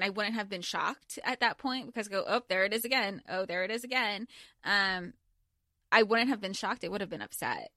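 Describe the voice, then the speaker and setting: A woman's voice: medium pitch, dry recording, studio quality. A woman co-hosting a podcast, talking casually and animatedly about a book, swearing freely and filling with likes and you knows. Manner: animated, swears freely, lots of filler words. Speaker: podcast co-host.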